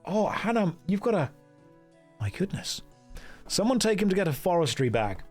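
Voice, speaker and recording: A man's voice: high-pitched, very animated, moderate pace, a little mellow, faint music behind. A man streaming a game, chatting casually, joking and reading chat aloud. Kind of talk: casual gameplay commentary.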